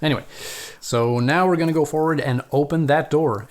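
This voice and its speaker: A man hosting a solo board game playthrough, reading game text aloud and thinking out loud as he counts moves, with chatty asides to viewers. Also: a little high, a little fast. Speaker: solo board game player and channel host.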